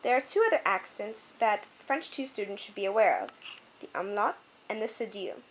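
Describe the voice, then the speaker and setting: A young woman records her own tutoring lesson at home and talks straight to the camera. Her pitch sits in the middle range, and she explains each point clearly, pausing now and then to sort out the camera. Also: lively intonation, a little hiss or hum. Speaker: French tutor. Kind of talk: homemade video lesson.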